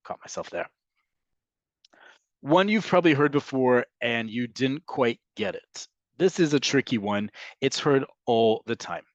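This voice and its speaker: A man's voice: medium pitch, animated, measured pace, dry recording, lo-fi sound. A man teaching a live online class, explaining terms with frequent ums and checking in with "right?". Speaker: Hebrew teacher. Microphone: video call.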